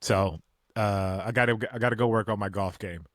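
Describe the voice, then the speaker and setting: A man's voice: lowish voice, normal speed, fairly bright tone, no room sound, studio quality. A middle-aged man co-hosting a podcast in casual chat, joking about himself. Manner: joking, self-deprecating. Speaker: podcast co-host.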